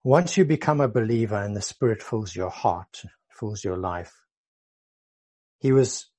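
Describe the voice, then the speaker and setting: A man's voice: on the low side, animated, unhurried, dark tone. A man preaching a sermon, earnest and explanatory, repeating key phrases for emphasis.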